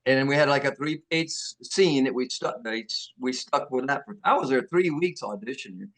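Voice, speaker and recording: An older actor being interviewed, telling animated stories with many restarts and acting out the voices of people he quotes. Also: mid-range voice, fairly quick. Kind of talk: anecdotal storytelling.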